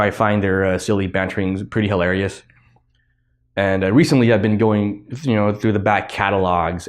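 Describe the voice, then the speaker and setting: A man hosting his own podcast, rambling bluntly through a casual solo commentary with offhand swearing. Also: on the low side. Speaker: podcast host.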